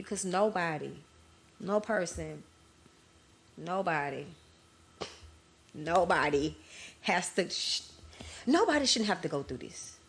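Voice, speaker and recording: A woman's voice: on the low side, sing-song, slow pace, gravelly, long pauses. A woman hosting her own podcast, telling her story candidly in casual chat to her listeners. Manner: candid, conversational, addresses listeners as y'all. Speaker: podcast host.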